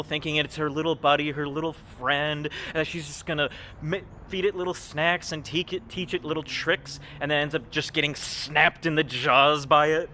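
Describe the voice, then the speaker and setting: Sarcastic man with a bright, edgy voice. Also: fairly high pitch, slight background noise, rough recording. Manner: sarcastic, scornful. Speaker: commentator. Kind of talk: mocking reaction commentary.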